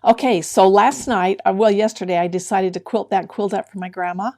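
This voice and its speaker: Chatty middle-aged woman, livestream host, friendly viewer greetings, mellow gravelly tone. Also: mid-range voice, fairly even intonation, fairly quick. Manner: chatty, greets viewers by name, laughs often. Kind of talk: casual live-stream chat with viewers.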